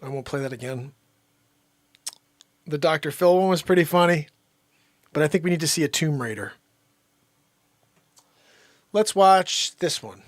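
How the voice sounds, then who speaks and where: A man hosting his comedy show, chatting in a casual, excited and upbeat way and laughing often. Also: fairly high pitch, unhurried, pauses often, dry recording, studio quality. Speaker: show host.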